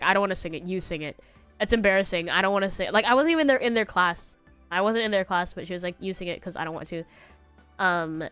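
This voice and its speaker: A young woman streamer with a congested, smooth voice on the low side, a bit bright, chats casually. She rambles freely and now and then breaks into bits of songs.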